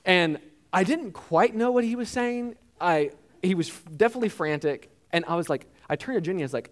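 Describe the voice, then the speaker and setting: A man preaching a sermon in a conversational, animated way, with frequent filler words. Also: sits high, a little fast. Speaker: pastor.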